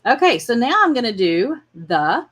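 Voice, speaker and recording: Her slightly high voice is sing-song with a breathy edge, at a moderate pace, as she runs a relaxed drawing livestream. Chatty and warm-hearted, she laughs a lot and chats with her dog while sketching.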